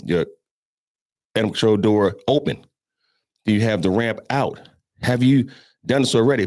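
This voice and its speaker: A man's voice: fairly low pitch, a little mellow, no room sound, studio quality. A man hosting a show, giving blunt, casual instruction on animal handling and firing off rhetorical questions.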